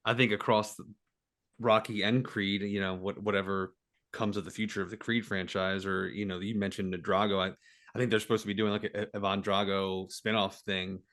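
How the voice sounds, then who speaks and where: A male podcast co-host sharing his take in casual chat. He speaks in a low register and pauses often to search for the next word. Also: level tone, fairly bright tone. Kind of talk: casual movie review chat.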